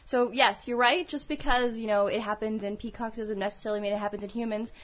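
A woman's voice: fairly high pitch, fairly even intonation, fast, highs cut off. A woman co-hosting a podcast, chatting casually with a teasing manner and an easy laugh. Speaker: podcast co-host. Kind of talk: casual chat.

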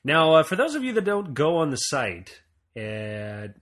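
A man from Montreal co-hosting a casual podcast, telling stories with jokes and lively asides. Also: fairly high pitch, unhurried. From Montreal, Canada. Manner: joking, animated storytelling. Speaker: podcast co-host.

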